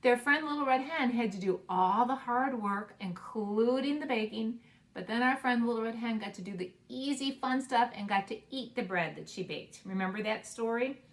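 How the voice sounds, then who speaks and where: A woman preschool teacher reading a picture book aloud to young children in a slow, sing-song way, with playful voices for the animals. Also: fairly high pitch. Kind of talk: storybook read-aloud for children.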